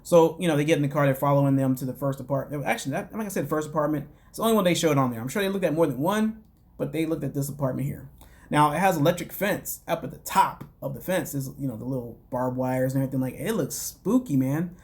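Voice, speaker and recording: Guy with a kinda high voice recapping a show, rambly, lots of "you know" and "like". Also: fast, a little mellow. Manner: wry, dismissive asides. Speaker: podcast host recapping a reality show. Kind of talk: casual recap commentary.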